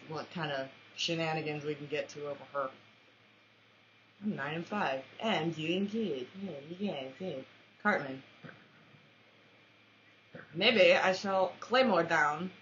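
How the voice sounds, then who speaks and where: A woman commentating her own shooter match, with playful trash talk, mock-formal quips and excitable yelps. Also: low-pitched, measured pace, pauses often, a little hiss or hum. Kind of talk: let's-play commentary. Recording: dull lo-fi recording.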